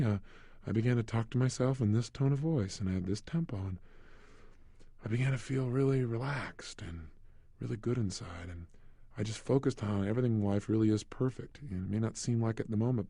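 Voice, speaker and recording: A man voicing a calm person who softly describes feeling relaxed and at peace, speaking in a hushed, drawn-out way. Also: on the low side, creaky, husky, no room sound, studio quality, voice pushed down. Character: calm adult recalling peace of mind, soft and slow.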